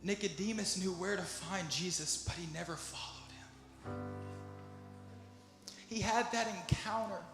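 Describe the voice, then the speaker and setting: A man preaching a sermon, moving from soft, low musing to loud, pleading questions. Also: a little slow, long pauses. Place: church sanctuary. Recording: echoey church hall with music behind. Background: instrumental music.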